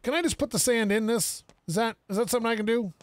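A young man giving casual let's-play commentary, excitable and self-mocking, talking to himself as he plays. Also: extremely high pitch, fast talker, no echo. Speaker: gaming video creator.

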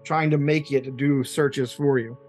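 A man's voice: mid-range voice, fairly even intonation, unhurried, a little mellow, faint music behind. A man narrating a tabletop game as game master, loose and rambling, laughing often.

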